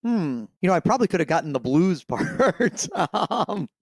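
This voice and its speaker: A man competing in a trivia quiz, thinking out loud, hesitating with fillers and laughing easily. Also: high-pitched, big pitch swings, normal speed, no echo, clean studio sound. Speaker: quiz contestant. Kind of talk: casual game banter.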